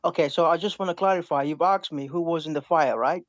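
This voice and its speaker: A man calling into a live online debate, hesitant and restarting often, asking the other side to slow down. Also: a little high, dry recording, lo-fi sound. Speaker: caller in a debate.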